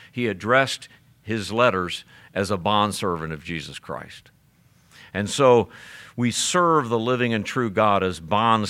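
A man preaching from the pulpit with a bright, forceful voice. He works through his points in an earnest sermon cadence, slowing down and lifting his pitch on quoted verses. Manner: preaching, slows and rises on scripture quotes. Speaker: pastor.

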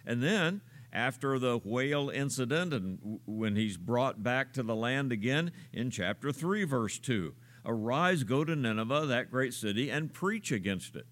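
A man delivering a sermon in a steady middle-pitched voice. He preaches unhurriedly, pausing on filler sounds and posing questions to his listeners. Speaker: pastor.

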